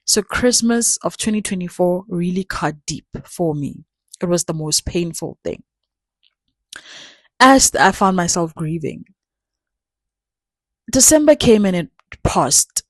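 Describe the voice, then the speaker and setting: A woman's voice: on the low side, expressive, takes it slowly, pauses often, no echo. A young adult woman hosting her channel, speaking in an earnest personal way and repeating words for emphasis. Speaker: channel host. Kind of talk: personal reflective talk.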